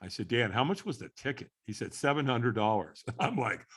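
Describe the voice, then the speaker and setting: A middle-aged man, a guest on a podcast, telling his story in a lively way and acting out the dialogue he quotes. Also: mid-range voice, brisk, husky. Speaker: guest, firewalking instructor.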